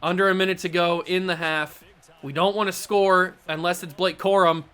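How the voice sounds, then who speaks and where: Young male gaming host; bright, punchy delivery, excitable play-by-play over a football game. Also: high-pitched, normal speed, smooth. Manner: excitable play-by-play, gets loud on big plays. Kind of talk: video game commentary.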